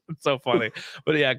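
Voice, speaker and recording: A man's voice: mid-range voice, a bit bright, dry recording, studio quality. A man hosting a casual podcast with friends. He tells stories with energy, swears freely and acts out the voices of the people he quotes. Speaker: podcast host.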